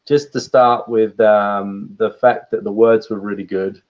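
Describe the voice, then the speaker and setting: Male guest on a livestream call: low, easygoing, rambling talker, muffled lo-fi sound. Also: unhurried. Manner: relaxed, rambling, laughs often. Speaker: guest voice actor. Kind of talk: casual livestream chat. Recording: dull lo-fi stream audio.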